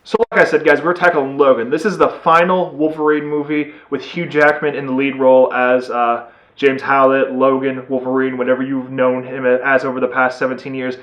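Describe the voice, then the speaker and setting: A man giving a casual, excitable movie review, rambling with lots of fillers. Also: mid-range voice, normal speed, reverberant, highs cut off.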